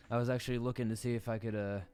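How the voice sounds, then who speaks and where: Streaming a football game, a Southern US man offers relaxed, joking play-by-play and frequent laughter as casual gaming commentary. His voice sits at medium pitch with a darkish, clean tone.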